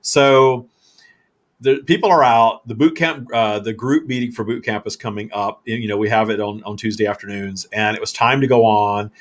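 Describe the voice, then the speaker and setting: A man hosting a casual live-stream chat, telling stories in an animated way and laughing often. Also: lowish voice, normal speed. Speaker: host.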